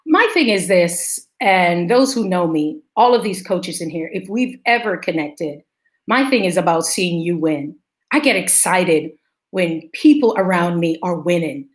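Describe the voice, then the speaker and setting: A woman with a light Jamaican accent, an energetic business coach speaking emphatically in a video-call interview. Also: on the low side, a little slow. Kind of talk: interview conversation.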